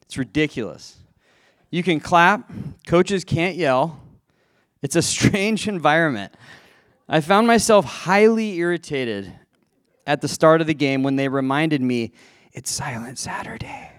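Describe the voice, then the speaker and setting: A man's voice: a little high, a little slow, a bit bright, dry recording, studio quality. A man telling a self-deprecating personal story to a live audience, chatty, laughing at himself and restarting his sentences. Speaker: speaker addressing a live audience.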